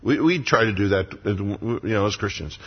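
A man's voice: on the low side, lively intonation, a little fast, slightly rough. A man preaching a sermon as pastor in a church sanctuary, with emphatic repetition. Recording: lo-fi sound with long hall reverb.

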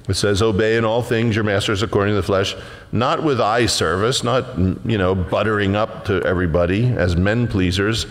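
A man preaching a sermon as a pastor, folksy and conversational, rising into loud emphatic passages. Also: fairly low pitch. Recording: long hall reverb.

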